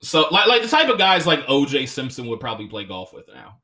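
Animated, bright-voiced man telling stories. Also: medium pitch, brisk. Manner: animated storytelling, swears often, jumps into voices. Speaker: podcast host and comedian. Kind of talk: casual chat.

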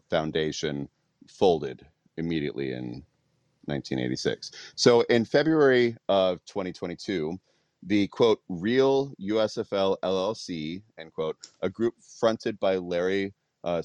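Very deep-voiced man telling a story. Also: a little mellow, dry recording. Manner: reads facts with fillers and restarts. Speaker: podcast host. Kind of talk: casual recap of a topic.

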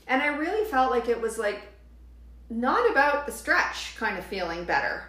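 A woman hosting a podcast, telling a personal story in a casual, animated way and quoting others as she goes. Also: on the high side, moderate pace, echoey room. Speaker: podcast host, yin yoga teacher.

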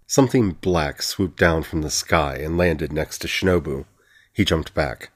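A man narrates a fantasy novel as an audiobook. His voice sits low and sounds husky. He reads evenly and steadily. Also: measured pace.

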